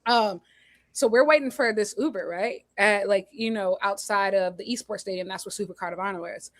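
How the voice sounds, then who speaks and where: A woman's voice: medium pitch, fairly quick, no echo. A woman co-hosting a charity stream, telling a story in casual chat, laughing often and acting out other people's lines. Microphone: streaming setup, video call.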